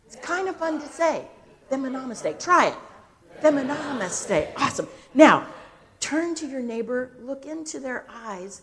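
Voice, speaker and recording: An older woman minister giving a sermon, telling stories slowly and expressively with dramatic pauses. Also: high voice, very animated, fairly bright tone.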